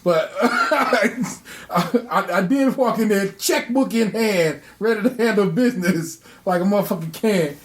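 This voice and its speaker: Animated man telling stories. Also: high-pitched, unhurried. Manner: animated storyteller, acts out quoted dialogue, frequent restarts. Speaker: podcast co-host. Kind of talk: casual chat.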